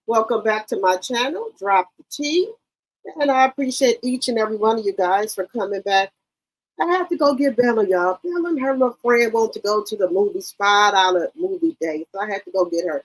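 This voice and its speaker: A woman hosts a casual livestream and talks straight to her chat. Her voice sits a little high, and she is brash and loose-mouthed, swearing as she goes. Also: expressive, brisk, rough recording. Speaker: livestream commentary host.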